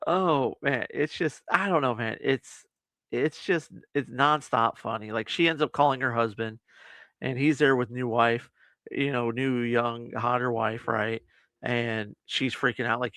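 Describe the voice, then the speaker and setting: A man co-hosting a casual movie review podcast, retelling the plot in lively fashion and acting out the characters' lines. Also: mid-range voice, a little slow, no echo, clean studio sound. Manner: animated retelling, acts out quotes with laughs. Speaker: podcast co-host.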